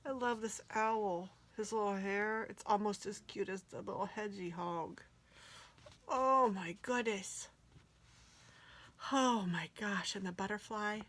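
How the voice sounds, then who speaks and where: A woman gushing excitedly as she unboxes planner stickers for her viewers, often dropping into soft whispers. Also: mid-range voice, a little slow, pauses often. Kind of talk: casual unboxing chat.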